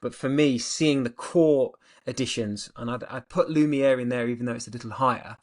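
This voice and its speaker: Brand director, man, mid-pitched, casual and enthusiastic, talks in long excited runs. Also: moderate pace. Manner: enthusiastic, rambling, energetic. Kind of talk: casual interview answers.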